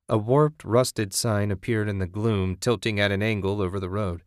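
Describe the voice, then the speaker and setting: A man narrating a story in a steady, even audiobook style. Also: on the low side, normal speed, few pauses, dry recording, studio quality.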